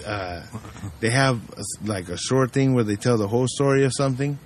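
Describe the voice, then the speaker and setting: A man's voice: mid-range voice, a little fast, a little hiss or hum. A man in a casual podcast chat, telling crime stories with lots of acted-out quotes and easy swearing. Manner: animated storyteller who acts out quotes and swears casually. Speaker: podcast host.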